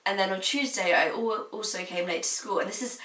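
A woman's voice: mid-range voice, fairly quick, fairly bright tone, far from the mic. Chatty teen girl, roomy sound. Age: late teens. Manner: chatty and confiding, laughs now and then. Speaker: student vlogger. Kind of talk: candid advice vlog. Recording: roomy, mic set back.

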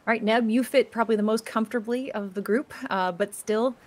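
A woman with a fairly high voice acts as game master for a tabletop role-playing game, narrating scenes. She describes things unhurriedly, with plenty of fillers and restarts.

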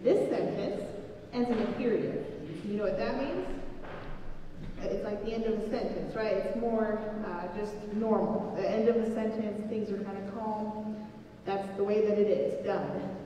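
A woman pastor giving a children's message, explaining gently and slowly to children in a church sanctuary. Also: mid-range voice, a little hiss or hum. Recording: echoey church hall from far off.

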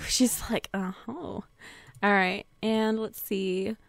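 A woman's voice: medium pitch, expressive, a little slow. A young woman hosting a let's play, chatting casually about her game with frequent giggles and lots of "like". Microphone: desk USB condenser mic.

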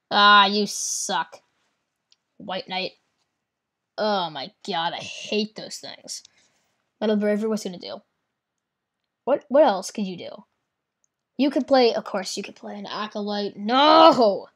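A woman casually commenting on her own card game as she plays, thinking out loud and teasing her opponent. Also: medium pitch. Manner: chatty, thinks aloud, playful trash talk. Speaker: gameplay commentator. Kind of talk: casual let's-play commentary.

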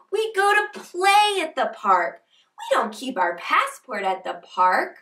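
A woman hosting a preschool lesson, talking to toddlers in a bright, exaggerated, encouraging way and breaking into little sing-along chants. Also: high voice, recorded from a distance. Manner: bright, exaggerated, encouraging kids-show delivery. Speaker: children's show host.

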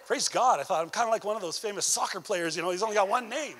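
Canadian evangelist guy, high voice, chatty sermon with lots of "you know", gets loud and fired up. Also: fast talker. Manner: animated preaching that swells into emphatic near-shouts; conversational asides with frequent "you know".

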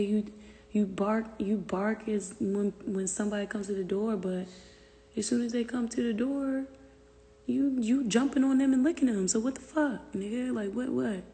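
A woman's voice: mid-range voice, dark tone, husky, long reverb tail. A woman chatting casually on a phone livestream from her family room, rambling and swearing freely and slipping into whispers. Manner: loose, profane, rambling, drops to whispers. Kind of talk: casual livestream chat, reading comments.

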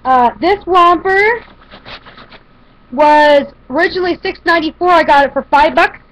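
A woman's voice: extremely high pitch, moderate pace, a bit bright. A woman chatting casually to camera as she shows a shopping haul, rambling with fillers and restarts. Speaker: vlogger showing a shopping haul. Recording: dull lo-fi home video audio.

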